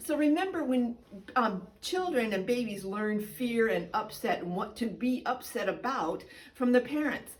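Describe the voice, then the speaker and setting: A woman midwife giving a chatty, playful instructional demonstration, sometimes dropping into high sing-song baby talk. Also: lively intonation, normal speed, recorded from a distance, poor audio. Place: indoor room. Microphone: camera mic.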